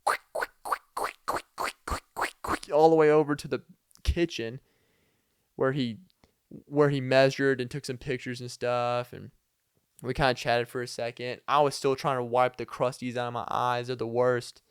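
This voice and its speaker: Smooth-voiced young man telling rambling stories. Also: mid-range voice, flat delivery, normal speed, no room sound, clean studio sound. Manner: loose, filler-heavy, chuckling asides. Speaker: podcast host. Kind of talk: rambling comedic storytelling.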